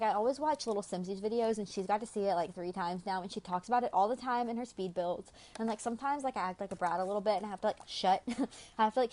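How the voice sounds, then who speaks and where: A woman's voice: a little high, darkish tone. Chatty young woman telling a story. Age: young adult. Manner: chatty, frequent fillers. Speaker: YouTuber. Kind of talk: casual storytelling chat.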